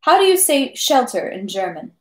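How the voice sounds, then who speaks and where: A woman's voice: high voice, sing-song, moderate pace, reverberant, pitched above the performer's own voice. A woman reading aloud and voicing a merry, boastful male French army captain who talks in an effusive, insistent way.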